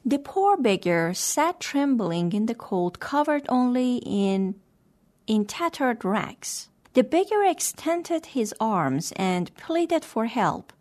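A woman hosting and reading a moral story aloud in a gentle, measured way. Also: fairly high pitch, very animated. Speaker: storyteller and host. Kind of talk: scripted story narration.

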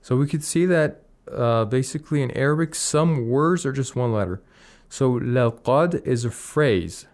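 A man's voice: mid-range voice, animated, normal speed, hardly any pauses, a little mellow. Man patiently teaching Quran recitation. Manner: patient, explanatory, recites Arabic phrases. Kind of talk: radio lesson on Quran recitation.

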